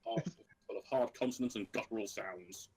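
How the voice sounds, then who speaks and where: A man's voice: on the low side, brisk, breathy edge, rough recording. A man playing a tabletop game over a voice call, joking and chatting casually, often trailing off mid-sentence. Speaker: player.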